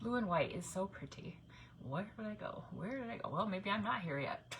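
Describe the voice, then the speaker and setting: A woman's voice: mid-range voice, animated, moderate pace, low-quality recording. A middle-aged woman, hosting a casual craft livestream, folksy and chatty as she greets viewers by name. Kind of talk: casual live-stream chat.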